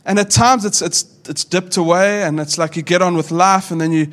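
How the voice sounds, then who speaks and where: High-voiced man preaching earnestly. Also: fairly even intonation, normal speed, a bit bright. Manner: earnest, conversational preaching with frequent restarts. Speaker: pastor. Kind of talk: sermon.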